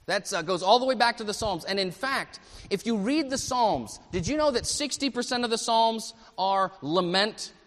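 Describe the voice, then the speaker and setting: A male pastor preaching a sermon at a church service, animated and asking the congregation questions. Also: high-pitched, normal speed, big-room sound.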